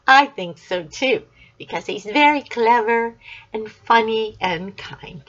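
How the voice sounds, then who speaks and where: An older woman reading a picture book aloud to young children in a gentle, sing-song way, asking questions and praising answers. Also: fairly high pitch, lively intonation, slow, dull audio.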